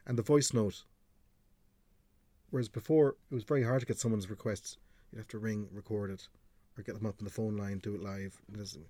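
A man's voice: on the low side, steady tone, fairly quick, pauses often, warm tone, dry recording. A middle-aged Irish man, a radio presenter telling stories in a frank, chatty way and swearing freely. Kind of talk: podcast conversation, storytelling.

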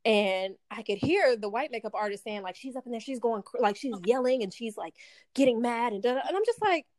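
An actress telling a personal story in casual chat, animated and full of restarts, acting out the voices she quotes. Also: on the high side, fairly quick, no room sound. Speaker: actress guest.

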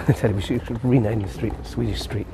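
A man's voice: medium pitch, fairly even intonation, moderate pace, vocal fry, background noise. A man walking his dog outdoors, thinking aloud in a rambling, musing monologue with restarts and chuckles. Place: outdoors on a street walk.

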